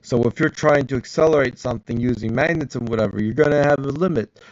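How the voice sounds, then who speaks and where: A man's voice: medium pitch, fast, no echo, highs cut off. A man reacting to a science video, arguing back and rambling as he thinks aloud. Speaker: reacting vlogger.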